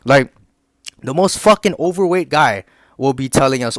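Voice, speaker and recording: A young YouTuber with a medium-pitched, slightly bright voice and lively intonation tells a story at normal speed as a casual, rambling rant. He swears often, leans on filler words, and keeps addressing his viewers, all in a dry recording.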